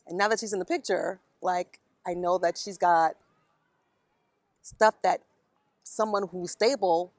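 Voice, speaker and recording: A woman's voice: lowish voice, fairly even intonation, a little slow, pauses often, a little mellow, dry recording. A middle-aged woman speaking frankly and emotionally outdoors in a park, blunt and sometimes swearing, about her own struggles. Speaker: interviewee. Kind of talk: candid conversation.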